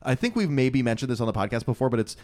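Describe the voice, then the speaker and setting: A male podcast co-host chats casually at a quick clip. His pitch jumps around as he rambles and laughs between thoughts. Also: sing-song, darkish tone. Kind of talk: casual chat.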